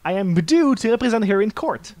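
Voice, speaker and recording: A man voicing a polite male lawyer in a game playthrough, formal, measured and courteous. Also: high voice, very animated, a little mellow, dry recording, voice pushed up.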